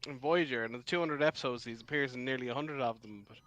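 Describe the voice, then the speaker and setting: Bright-voiced man sharing trivia. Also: medium pitch, quick pace, rough recording. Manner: chatty, full of trivia and restarts. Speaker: podcast co-host. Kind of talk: casual chat.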